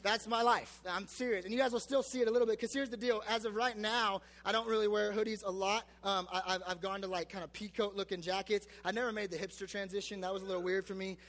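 A man's voice: high-pitched, steady tone, quick pace, hardly any pauses, a bit bright, in a large hall. A man in his twenties giving a casual youth sermon, chatty and self-deprecating with lots of fillers. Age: 20s. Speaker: youth pastor.

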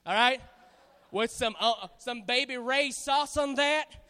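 A man from Hawaii preaching a sermon to a congregation, animated and playful, calling on the crowd to answer back. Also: high-pitched, normal speed, clean tone. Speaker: pastor. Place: church hall. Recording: hall reverb.

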